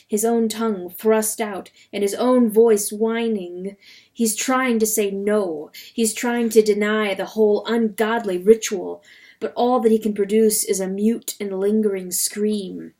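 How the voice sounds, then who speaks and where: A woman narrating a novel as a dramatic reading, measured and expressive. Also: mid-range voice.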